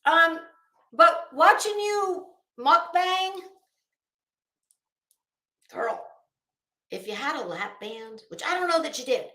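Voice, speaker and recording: A woman's voice: sits high, expressive, slow, long pauses, sharp tone, echoey room. A woman streamer doing casual commentary, chatty and sassy, talking straight to the people she discusses. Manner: chatty, sassy, addresses people directly with asides and laughs.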